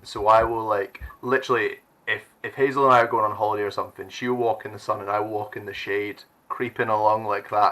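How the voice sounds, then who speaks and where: A man's voice: medium pitch, bright, forceful tone, low-quality recording. A man hosting a youth livestream, chatty and upbeat, laughing often. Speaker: youth leader and stream host. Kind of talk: casual chat.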